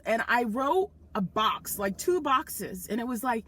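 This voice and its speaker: A woman of about thirty from Nigeria, speaking with an American accent, co-hosting a comedy podcast and telling a story with animated, self-mocking energy. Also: a little high, a little slow, hardly any pauses, husky. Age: around 30. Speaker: podcast co-host. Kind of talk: comedic casual chat.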